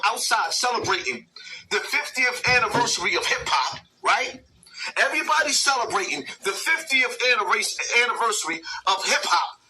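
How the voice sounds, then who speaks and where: A man's voice: extremely high pitch, expressive, moderate pace, bright, forceful tone, recorded from a distance, slight background noise, poor audio. A man hosting a commentary video, ranting and preaching to his viewers with lots of repetition. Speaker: commentary channel host.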